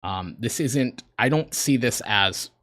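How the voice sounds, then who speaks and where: An American man in roughly his twenties reacts to videos on a stream, speaking slowly and expressively in a medium, fairly bright voice on a dry recording. He's casual and earnest, though he sometimes rambles and gets emotional.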